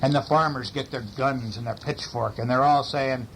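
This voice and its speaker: A man's voice: medium pitch, fairly even intonation, moderate pace, hardly any pauses, a little hiss or hum, low-quality recording. A man reading a bedtime story to a child, with casual, chatty asides to the listener.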